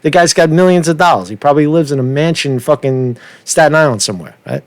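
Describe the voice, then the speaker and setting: A man's voice: on the high side, expressive, quick pace, no echo. A man doing ranting street commentary for his vlog, swearing a lot and tagging nearly every point with "right?". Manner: profane, keeps asking "right?". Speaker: street vlogger.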